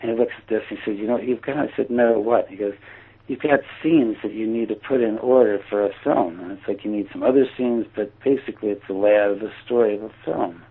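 A man casually telling a personal story, acting out his own quoted thoughts with lively shifts. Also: on the low side, fast talker, slightly rough. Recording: tinny phone-like line.

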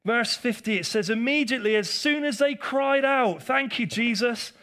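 A man's voice: very high voice, normal speed, a bit bright. A male pastor preaching a live sermon to a congregation in a church. He repeats key phrases for emphasis, asks for responses and teases people in the pews. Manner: addresses the congregation directly, calls for responses and teases members.

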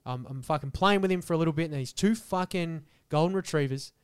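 A young man on a podcast, telling a story in casual banter with lots of swearing and animated, rambling energy. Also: fairly high pitch, fast, smooth. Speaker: podcast co-host.

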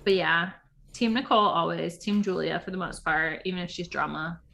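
A young woman with a slightly low voice chatting as a podcast co-host. She is talkative and laughs easily. She often slips into quoted voices while she recaps episodes. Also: fairly quick, gravelly, fairly bright tone. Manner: chatty, laughing, quoting people in mock voices. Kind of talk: casual chat recapping reality TV.

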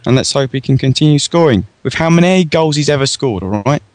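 A man's voice: medium pitch, lively intonation, brisk, dry recording. A man on a casual fan podcast, self-deprecating and easily flustered as he gives his view. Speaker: podcast co-host.

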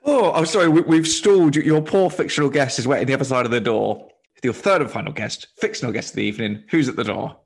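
A man's voice: medium pitch, fast talker, hardly any pauses, husky. A man hosting a casual chat, introducing guests in a playful, self-deprecating way. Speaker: host.

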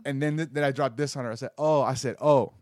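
A man's voice: mid-range voice, very fast, no room sound, clean studio sound. A man co-hosting a podcast in casual chat, telling stories and acting out other people's lines. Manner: animated storyteller acting out quotes. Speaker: podcast co-host.

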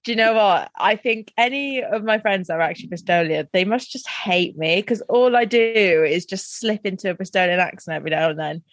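A woman's voice: medium pitch, lively intonation, no echo. A chatty woman from Wales, speaking, gushes to her co-host in casual podcast talk. Her voice sits mid-range and is recorded dry and close. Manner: chatty, gushing, quick to laugh, lots of fillers. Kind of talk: casual chat.

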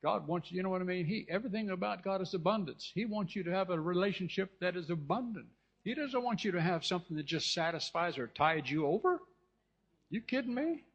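A pastor from California delivers a fervent sermon in a slightly higher-than-usual man's voice, repeating phrases and breaking off to check in with his listeners. The sound is a dull, lo-fi recording. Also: animated, a little fast, husky. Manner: fervent, repetitive preaching with restarts and asides to the congregation.

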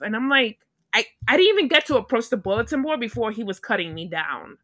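Animated woman telling stories, sniffly. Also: a little high, brisk, dry recording. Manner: animated storytelling, swears freely, acts out quotes. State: sniffly with a cold. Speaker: podcast co-host. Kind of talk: casual chat.

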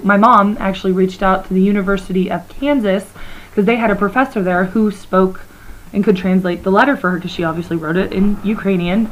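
A young woman co-hosting a podcast in rambling casual chat, her voice slightly hoarse and froggy. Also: mid-range voice, highs cut off. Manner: rambling, chatty, laughs often. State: slightly hoarse, froggy from talking loudly at a bar. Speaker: podcast co-host.

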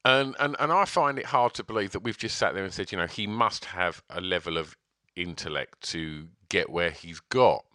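Man, podcast co-host, blunt, sweary, stammering, low pitch, dry close sound. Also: moderate pace, bright, forceful tone, dry recording. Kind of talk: casual podcast chat.

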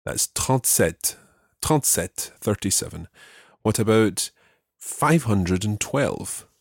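A man hosting a podcast language lesson, patiently giving English phrases and repeating the answers slowly and clearly. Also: on the low side, lively intonation, no echo, studio quality. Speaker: language teacher host.

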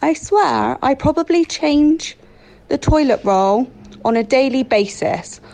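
A woman's voice: sits high, lively intonation, slow pace, mellow, rough recording. A woman from England ranting with exasperation in a listener's voice note. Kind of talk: recorded voice note rant.

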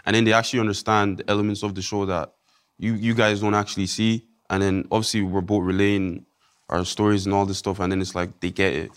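A man from Ireland chats as a guest in a relaxed interview, rattling along quickly with plenty of "like" and restarts. His voice sits on the lower side, and his tone is laid-back. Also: clean tone. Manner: rapid, rambling, filler-heavy, laid-back. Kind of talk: casual interview chat.

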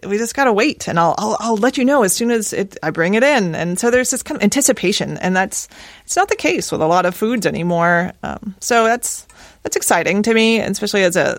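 A woman's voice: lowish voice, vocal fry, no echo, clean studio sound. A woman who harvests seaweed and forages, chatting in a rambling way with many restarts and fillers. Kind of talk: casual conversation.

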